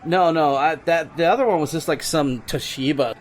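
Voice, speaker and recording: Male co-host, relaxed chat, frequent laughs, halting restarts. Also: fairly high pitch, noisy background. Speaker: podcast co-host. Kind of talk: casual chat.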